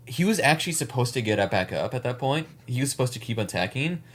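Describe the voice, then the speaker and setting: A man's voice: medium pitch, animated, fast talker, a bit bright. An American man telling a long story in casual chat, rambling with lots of fillers and restarts. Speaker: larp player recounting an event.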